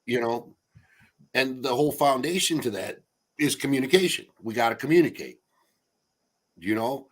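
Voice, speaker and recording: Blunt husky man in casual chat. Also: mid-range voice, animated, moderate pace, pauses often. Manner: blunt, swears freely, laughs through stories. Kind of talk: casual recovery group chat.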